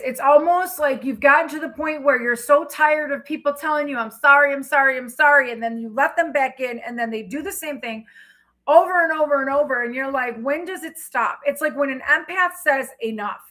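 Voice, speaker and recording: A middle-aged woman hosting a tarot livestream, talking to her chat bluntly and emphatically with plenty of swearing. Her voice sits high and sounds bright and forceful. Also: moderate pace, poor audio. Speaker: tarot reader. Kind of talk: casual livestream talk.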